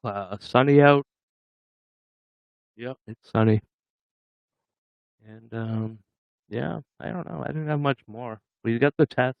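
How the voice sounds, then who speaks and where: A man's voice: medium pitch, slow pace, gravelly, pauses often, no echo, highs cut off. A man hosting a casual livestream, joking with viewers and laughing often. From Massachusetts. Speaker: livestream host.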